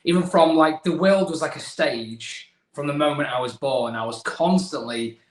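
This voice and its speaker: A young Englishman, a magician appearing as a guest on a casual video-call interview, tells his story in a chatty, self-deprecating way, restarting often. His voice is on the high side at normal speed. The rough recording has a roomy sound.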